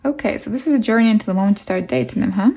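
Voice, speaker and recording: Young woman, non-native English accent, tarot reader, soft musing delivery, casual, thinking aloud. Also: medium pitch, rapid-fire. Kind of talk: casual pick-a-card tarot reading.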